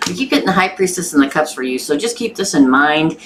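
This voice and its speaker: Low-voiced Southern woman reading tarot live. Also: animated, fast. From Missouri. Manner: chatty, thinks aloud while pulling cards. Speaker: tarot reader. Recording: distant mic with clear background noise.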